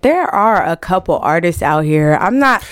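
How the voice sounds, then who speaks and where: A woman's voice: lowish voice, animated, normal speed, slight background noise. A woman who manages and promotes music artists, talking bluntly and jokingly with slang in a casual studio podcast interview.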